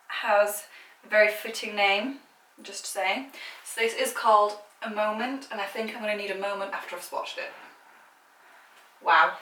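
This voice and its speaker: A woman's voice: medium pitch, bright, forceful tone. A British woman vlogging casually about makeup, chatty and gushing, with lots of filler words. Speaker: beauty vlogger. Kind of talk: casual makeup swatching chat. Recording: echoey room, mic at a distance.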